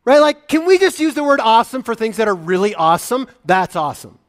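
A middle-aged pastor preaches a sermon at a fast pace in an extremely high-pitched voice. His delivery swings animatedly from loud excitement to hushed, choked-up moments.

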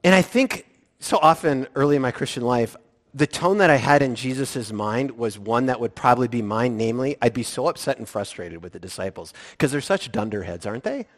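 A man preaching a sermon as pastor, animated and playful, acting out voices from the story. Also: mid-range voice, brisk. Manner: animated, playful, acts out the disciples' lines.

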